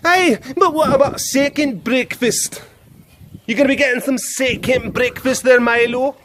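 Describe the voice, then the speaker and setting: A man's voice: very high voice, unhurried, background noise, voice pushed up. A man putting on a Scottish accent to playfully tease someone. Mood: teasing. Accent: put-on Scottish. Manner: playful, mocking.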